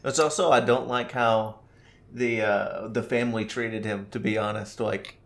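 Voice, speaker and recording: A man's voice: fairly low pitch, fairly even intonation, moderate pace, gravelly, a bit bright. A young man on a casual podcast, talking hesitantly, hedging and restarting his sentences. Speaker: podcast co-host.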